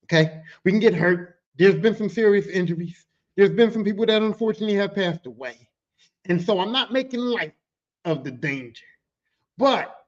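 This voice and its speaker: Animated, profane man hosting a podcast. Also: high voice, lo-fi sound. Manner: animated, profane, joking storyteller. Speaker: podcast host. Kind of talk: casual podcast monologue. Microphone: podcast microphone.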